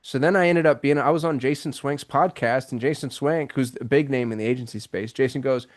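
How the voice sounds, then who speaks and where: A man hosting a live call-in business show, talking in an excitable, rambling way with many restarts over a video call. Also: mid-range voice, brisk, hardly any pauses. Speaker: host. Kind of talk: casual live show chat.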